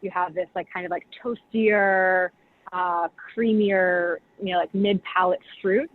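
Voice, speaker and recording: Speaking in a fairly low, steady, unhurried voice, a woman who directs a champagne brand explains tasting casually over a video call. Her talk is full of "like" and "you know," and the audio is tinny with faint hiss.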